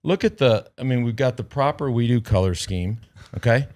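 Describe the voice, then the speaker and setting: A man's voice: medium pitch, expressive, moderate pace, darkish tone. A man hosting a podcast in casual chat, rambling and joking with plenty of swearing, into a headset mic. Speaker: podcast host.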